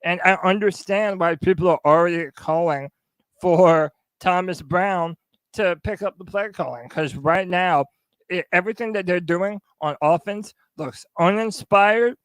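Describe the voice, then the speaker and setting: High-voiced man giving blunt opinions. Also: measured pace, a bit bright, smooth, no room sound. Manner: blunt, emphatic, frank. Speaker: podcast co-host. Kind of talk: casual sports podcast talk.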